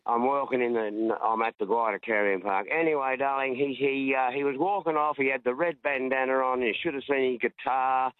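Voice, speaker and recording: A man's voice: mid-range voice, fairly even intonation, fairly quick, hardly any pauses, no echo. Australian man rambling on a phone line. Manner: rambling storyteller, calls host darling. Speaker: caller. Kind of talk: casual phone-in chat. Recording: dry tinny phone line.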